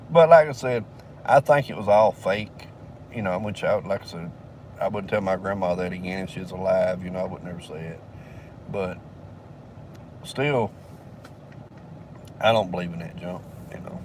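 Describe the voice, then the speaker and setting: A man's voice: deep voice, distant mic, noisy background. An older man, telling a rambling, profane story in a casual drawl and laughing between lines. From southern United States.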